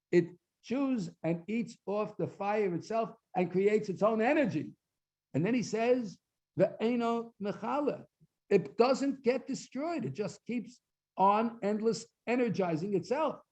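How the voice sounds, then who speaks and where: A man's voice: high-pitched, darkish tone. A man, a rabbi, gives a Talmud lecture in a synagogue, explaining each source phrase by phrase and translating as he goes, sometimes repeating words while he looks for the next phrase. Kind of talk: Talmud lecture at a study completion. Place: synagogue hall. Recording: dull lo-fi recording.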